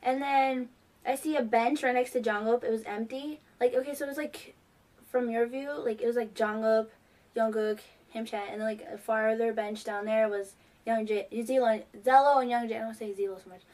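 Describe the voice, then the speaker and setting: A young woman telling an excited, rambling story to camera, filled with "like". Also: on the high side, moderate pace. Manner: excitable, heavy use of "like". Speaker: fan vlogger. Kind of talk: casual storytelling.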